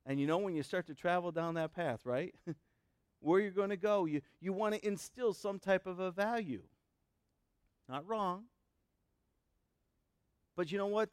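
A man's voice: on the high side, clear, resonant tone, no echo, studio quality. A middle-aged man preaching a conversational sermon, asking the congregation questions with many fillers and restarts. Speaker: pastor. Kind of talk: sermon with a told joke.

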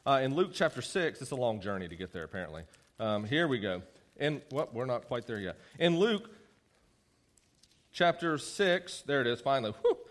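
A young man preaching a conversational sermon, animated and teasing his listeners. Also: medium pitch, moderate pace. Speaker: youth preacher.

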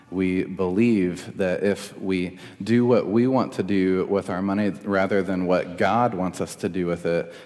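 A man's voice: sits low, darkish tone. A young man preaching a sermon as pastor, earnest and conversational, in a church hall. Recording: long reverb of a hall.

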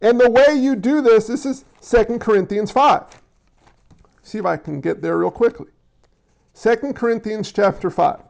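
A pastor preaches in a high voice, speaking straight to his congregation in a casual, conversational way. He often stumbles and restarts his words. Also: moderate pace, gravelly, darkish tone. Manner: frequent stammered restarts. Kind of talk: sermon.

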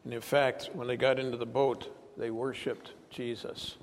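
A man's voice: mid-range voice, level tone, normal speed, in a large hall. A man preaching an expository sermon as pastor, reading scripture and explaining it, acting out quoted lines with animation.

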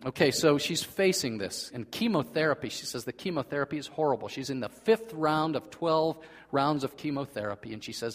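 A man preaching a sermon in earnest, swinging between loud emphasis and hushed, quiet passages. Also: fairly high pitch, expressive, fairly quick. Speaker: pastor. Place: church sanctuary. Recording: long reverb of a large hall.

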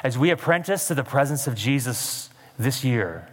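A man's voice: medium pitch, lively intonation, normal speed, big-room sound. A man preaching a sermon in a conversational way, adding wry asides to the scripture reading. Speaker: pastor.

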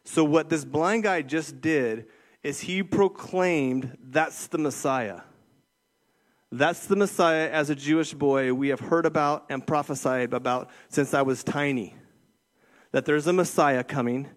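Casual preaching man, slightly high voice. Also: measured pace. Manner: conversational preaching, frequent "okay?" and "right?" check-ins. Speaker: youth pastor. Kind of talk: sermon.

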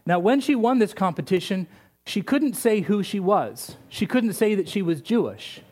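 A man's voice: high voice, animated, normal speed, darkish tone. A male pastor preaching a sermon, retelling a story with humorous asides.

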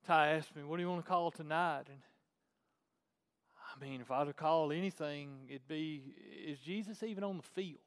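A man's voice: on the high side, normal speed. A man preaching a sermon to his church, conversational one moment and emphatic the next. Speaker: pastor. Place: large church hall. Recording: long hall reverb.

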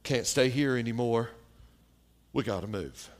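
A man's voice: mid-range voice, measured pace, close to an everyday voice. A man putting on the voice of a blunt, standoffish old country woman who speaks curtly. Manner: curt, short and to the point.

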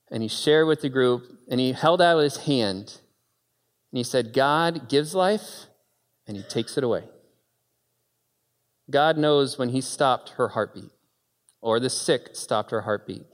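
A man preaching a sermon, moving between quiet storytelling and loud, high-pitched exclaiming. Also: unhurried, in a large hall. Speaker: pastor.

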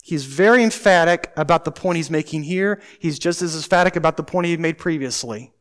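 Man, pastor, sermon, high voice, emphatic, rhetorical questions, loud then hushed. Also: a little fast. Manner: emphatic, swings between loud and hushed delivery; talks to the congregation with rhetorical questions.

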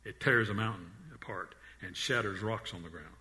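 A pastor preaches a sermon earnestly in a lowish voice at a normal pace. He often repeats and restarts words, and his voice drops to a hush on the quiet lines.

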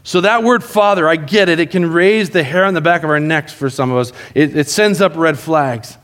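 A man with a high, light voice delivers a sermon with lively storytelling. He acts out the people in his stories and shifts between playful and earnest. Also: normal speed. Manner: animated storytelling, acts out prayers. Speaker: pastor.

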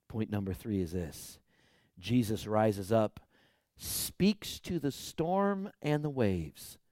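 A man preaching a sermon as pastor, swinging from hushed asides to loud, pleading outbursts. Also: lowish voice, no room sound, studio quality.

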